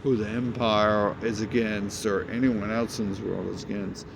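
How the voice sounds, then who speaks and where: A man's voice: fairly low pitch, little pitch movement, moderate pace, vocal fry, background noise. Rambling profane man outdoors. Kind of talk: rambling monologue.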